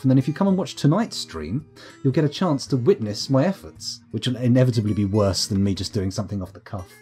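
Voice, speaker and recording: Streaming a game live from an upstairs room at home, this British man from the UK has a sore throat and jokes at his own expense as he chats through a let's-play. His mid-range voice is dark, with a breathy edge.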